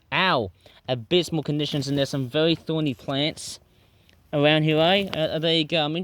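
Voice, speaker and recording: A gardening vlogger chats casually with viewers while weeding his backyard, filming outdoors on a tablet camera. His voice is fairly high, with a slight hiss or hum in the recording, and his rambling commentary is exclamatory and full of playful word choices.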